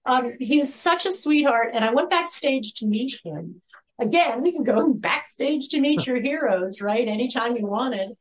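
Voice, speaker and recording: A woman's voice: fairly high pitch, unhurried, rough recording. Chatty laughing New woman. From New York. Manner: chatty, animated, laughs often, swears casually. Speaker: guest poet. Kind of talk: casual chat over a video call. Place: at home by her computer.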